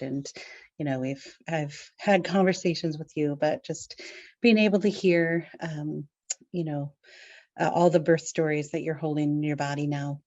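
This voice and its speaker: A woman interviewing a guest, speaking gently and hesitantly with fillers. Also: low voice, muffled recording.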